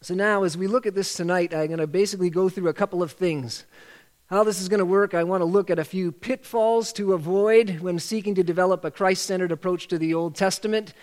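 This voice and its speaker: Patient, slightly high-voiced man teaching scripture. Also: brisk, a little mellow. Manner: patient, repetitive, drills phrases aloud. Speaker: pastor leading a Bible study. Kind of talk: church teaching on scripture memory. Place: church.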